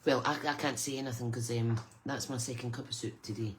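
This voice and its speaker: Low-voiced chatty Scottish woman. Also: fairly even intonation, fairly quick, a little hiss or hum. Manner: chatty, greets viewers by name while working. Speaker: crafting channel host. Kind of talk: casual live-stream crafting chat.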